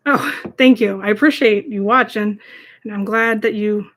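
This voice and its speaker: A woman's voice: medium pitch, fairly even intonation, normal speed, fairly bright tone. A woman chatting casually and a bit self-deprecatingly with viewers of her live stream while she paints at home, often breaking into giggles. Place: home, at a laptop.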